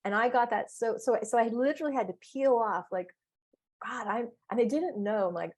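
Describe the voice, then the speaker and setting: A woman coach telling stories in a casual interview chat, playful and animated, with big exclamations. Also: a little high, moderate pace.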